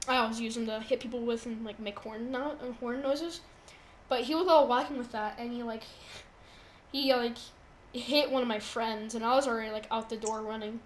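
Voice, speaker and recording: A teenage girl hosts a casual podcast, rambling and stacking up fillers. Her voice sits high, with a light hiss of room noise behind it. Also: fairly even intonation, a little fast. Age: teens. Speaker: podcast host. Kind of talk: casual chat.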